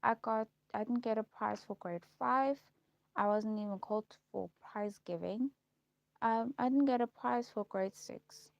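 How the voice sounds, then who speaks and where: Woman recounting school memories, gravelly. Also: fairly high pitch, a little slow, no echo. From South Africa. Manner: repetitive, listing recollections with frequent ums. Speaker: vlogger. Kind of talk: personal storytelling. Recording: dull lo-fi recording.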